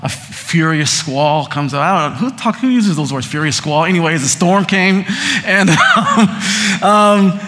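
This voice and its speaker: A man preaching a sermon, moving between hushed scripture reading and excited, laughing storytelling. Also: high voice, measured pace, big-room sound. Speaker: pastor.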